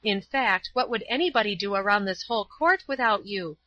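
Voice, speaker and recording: A woman's voice: mid-range voice, expressive, fairly quick, pushed and bright. A woman voicing an eager little boy who adores his guardian, in a storybook reading. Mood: eager, adoring. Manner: eager and adoring. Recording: slightly dull, dry recording.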